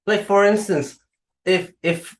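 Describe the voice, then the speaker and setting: A man's voice: high-pitched, steady tone, takes it slowly. A man hosting an interview show, talking hesitantly, repeating words and ending points with "right?". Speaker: podcast host. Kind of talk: conversational interview.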